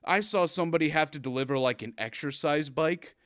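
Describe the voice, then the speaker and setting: A young man co-hosting a casual podcast, telling stories with lots of profanity and sarcastic put-on voices. His tone is bright and forceful. The sound is dry and close, with no room behind it. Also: a little high, fairly quick, no echo. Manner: profane ranting, loud mocking put-on quotes. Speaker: podcast co-host. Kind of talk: casual chat.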